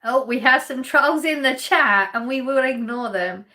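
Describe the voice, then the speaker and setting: A woman's voice: high voice, normal speed, pushed and bright. A woman from Essex with an Essex English accent, hosting a live stream and chatting casually as she reads out and answers viewer comments. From England. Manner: chatty, lightly laughing, answers chat questions directly.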